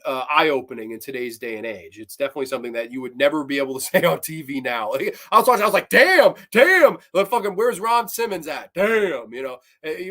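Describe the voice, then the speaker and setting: A man hosting a horror review show, talking casually with blunt, profane, animated commentary. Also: mid-range voice.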